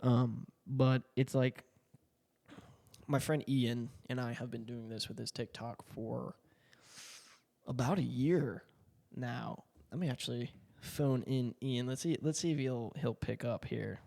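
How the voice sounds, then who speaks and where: A young man from Puerto Rico riffs casually to the camera, swearing and piling on fillers and asides. His voice has a gravelly, fried texture at a middle pitch. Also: steady tone, measured pace, warm tone, big-room sound. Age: 20s. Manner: slangy, profane, full of fillers and asides. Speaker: content creator. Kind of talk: casual rambling monologue.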